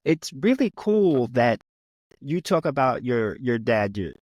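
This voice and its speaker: Middle-aged man, interview host and coach, relaxed questioning, dry close sound. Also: medium pitch, takes it slowly, no room sound, dull audio. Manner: relaxed, warm questioning with Spanish asides.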